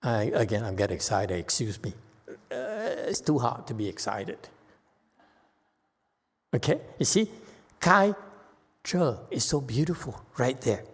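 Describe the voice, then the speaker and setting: A man teaching at an unhurried pace, giving a Buddhist Dharma lecture to a live audience. He asks questions of his listeners and grows animated as he explains, and his voice rings with a long hall reverb. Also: medium pitch, slightly rough. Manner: slow, animated, quizzes the audience.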